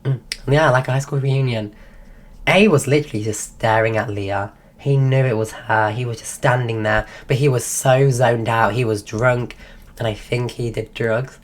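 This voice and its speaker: A woman's voice: a bass voice, steady tone, moderate pace. A woman streaming, telling a rambling story in casual chat while losing her voice. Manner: rambling, full of restarts.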